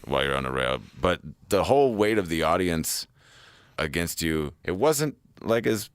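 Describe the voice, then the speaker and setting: A man's voice: sits low, very animated, moderate pace, clear, resonant tone, no echo, clean studio sound. A hungover young man hosting a podcast, chatting in a laid-back way, swearing freely and laughing often. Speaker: podcast host. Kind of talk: casual chat.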